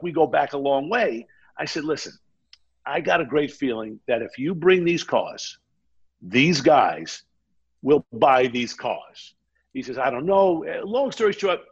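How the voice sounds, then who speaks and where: A man telling an animated anecdote as an interview guest, acting out the dialogue he quotes. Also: on the high side, creaky, slightly rough, highs cut off. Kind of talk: casual storytelling.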